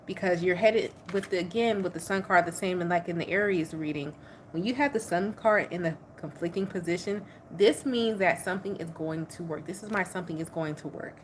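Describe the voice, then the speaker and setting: A woman tarot reader talks through a casual reading in a lively, slangy voice. She drives her points home by repeating them, and a faint background hiss runs under the recording. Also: lowish voice, fairly quick. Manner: animated, slangy, emphatic repetition.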